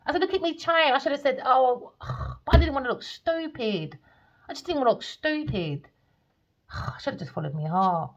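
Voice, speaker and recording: A woman who reads tarot, telling dream stories in a blunt, animated way and swearing freely. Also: high voice, moderate pace, dull audio. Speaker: tarot reader. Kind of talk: casual storytelling monologue.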